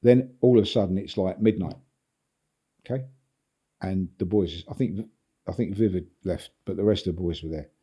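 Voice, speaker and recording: A football agent from England, older, guests on a podcast interview with a deep, husky, dark voice at normal speed and with long pauses. His long anecdote wanders, with repeated words and chuckles.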